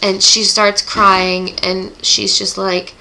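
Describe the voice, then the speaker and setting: A teenage girl chats through a chapter recap for her book club vlog, emotional and gushing, letting out groaning sighs. Her voice is bright and forward, with a lot of vocal fry at the ends of phrases. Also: medium pitch, level tone, takes it slowly, slight background noise, rough recording.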